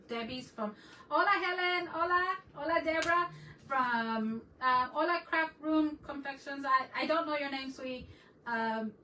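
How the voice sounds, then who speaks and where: A bright, sharp-toned woman chats excitedly through a home crafting livestream, mixing English and Spanish as she greets viewers. Her voice sits a little high and comes from a bit away from the mic, with faint noise in the room behind her. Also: recorded from a distance, low-quality recording. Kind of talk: casual livestream chat.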